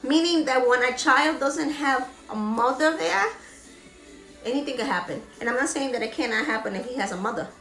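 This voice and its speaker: A woman's voice: high-pitched, fairly quick, fairly bright tone, reverberant, soft background music. A woman vlogger giving an emotional motivational talk. She is earnest and preachy and repeats phrases for emphasis.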